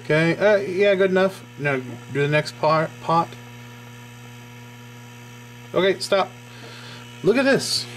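Speaking slowly in a high voice with frequent pauses, a man hosts a casual arcade repair vlog from his cluttered garage, with slight background noise audible. He rambles, breaks off mid-thought, and chuckles as he goes.

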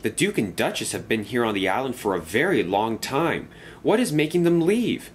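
A man's voice: medium pitch, very animated, moderate pace, a little hiss or hum, pitched above the performer's own voice, lightly acted. A man voicing a small, eager young male engine who talks in a chatty way.

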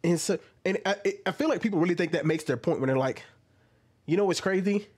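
Speaking fast in a fairly high, breathy voice, a man reacts casually to a video. He's animated and incredulous, firing off rhetorical questions and tossing in mimicking asides.

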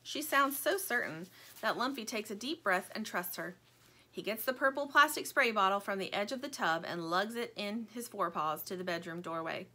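A woman reading a children's storybook aloud in an expressive, animated storytelling manner. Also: mid-range voice, moderate pace. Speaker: audiobook narrator.

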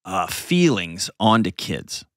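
A man's voice: low voice, big pitch swings, takes it slowly, no echo, studio quality. A man hosting an advice show, explaining parenting earnestly and acting out little scenes in changed voices.

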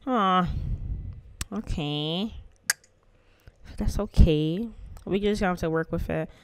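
A woman's voice: fairly low pitch, takes it slowly, smooth, no echo. A woman giving casual, chatty gameplay commentary to her channel's viewers, playful and slangy in her asides. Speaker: gaming channel host.

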